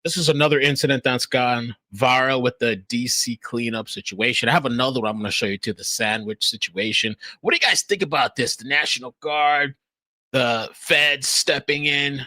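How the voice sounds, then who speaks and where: A man's voice: mid-range voice, moderate pace, dry recording. A young man hosting a live news stream, commenting on footage and asking viewers what they think. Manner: lively, asks viewers questions. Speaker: livestream news host.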